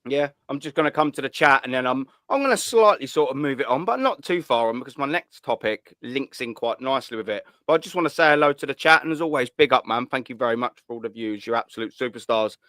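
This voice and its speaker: A man's voice: medium pitch, lively intonation, quick pace, hardly any pauses, sharp tone, dry recording. A man, hosting a casual call-in chat with blunt, sweary banter. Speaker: host.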